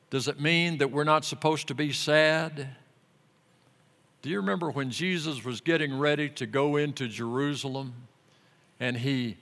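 Slow, deliberate preaching man. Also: mid-range voice, bright, forceful tone. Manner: slow, emphatic scripture reading. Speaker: pastor. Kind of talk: sermon. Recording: long hall reverb.

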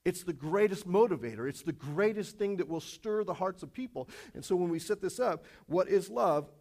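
A male pastor giving a sermon in a casual, joking, animated way, telling stories to the congregation. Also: sits high, normal speed. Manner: casual, animated storytelling with jokes.

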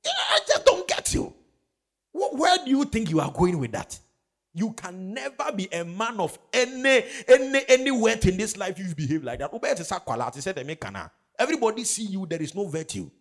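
A man's voice: high voice, very animated, fairly quick. A man preaching a sermon, emphatic, with call-and-response questions. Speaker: pastor.

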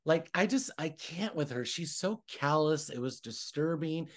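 A man's voice: a little high, a little slow. A young adult man hosting a podcast in casual, gossipy chat, bouncing between opinions and acted-out quotes. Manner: animated, gossipy, acts out quotes. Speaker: podcast host.

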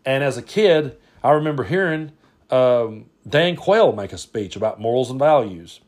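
A man's voice: medium pitch, animated, normal speed, darkish tone. A middle-aged man with a Tennessee drawl tells a story from his own life on a podcast. He talks folksy and plain, circling back and restarting his sentences, and now and then he swears. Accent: Southern US, Tennessee. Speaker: podcast host. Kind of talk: personal storytelling monologue.

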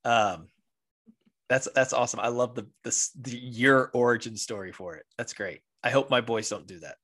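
A man's voice: mid-range voice, moderate pace, pushed and bright. A man in his thirties hosting a podcast, chatting casually and laughing at his own jokes. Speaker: podcast host.

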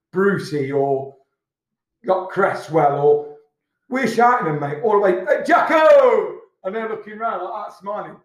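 A man's voice: on the high side, a little mellow. Sweary, ranting man. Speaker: podcast host. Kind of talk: casual pub-style chat. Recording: echoey room.

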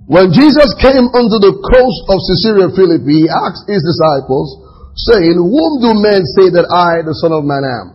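A male pastor preaching a sermon, animated, laughing and raising his voice to shout at times. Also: high voice, moderate pace, slightly rough. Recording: dull lo-fi recording.

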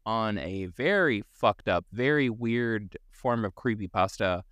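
A man's voice: fairly low pitch, lively intonation, measured pace, a bit bright, no room sound, clean studio sound. A man co-hosting a podcast, talking in a casual, profane, jokey way. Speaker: podcast co-host. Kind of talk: casual chat.

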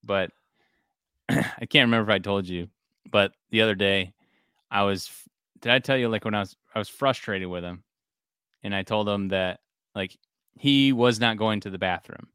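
A man in his thirties co-hosts a podcast, chatting casually in a lowish, bright, very clear voice. He tells family stories animatedly at a moderate pace, pausing often and laughing a lot, in a dry, close recording.

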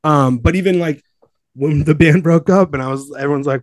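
A fast-talking man with a slightly high voice, recorded dry, shares his story casually as a podcast guest. He's a Southern California gym owner in his forties whose delivery is emphatic, rambling and full of profanity.

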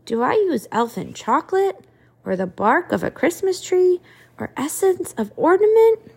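A woman's voice: very high voice, sing-song, a little slow, creaky, darkish tone, pitched above the performer's own voice, full character voice. A woman reading aloud and voicing a worried, sighing old Santa Claus. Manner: sighing, fretful.

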